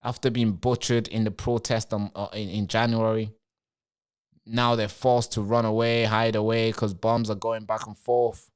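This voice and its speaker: A man's voice: on the low side, flat delivery, normal speed, clear, resonant tone. Male live-streamer, rambling commentary straight to viewers, answers chat. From Britain.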